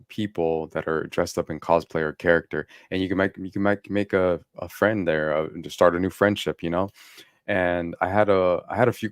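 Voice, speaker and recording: A podcast co-host tells stories animatedly in a casual chat, acting out quoted lines and laughing often. His voice sits low, and the recording is dry and studio quality.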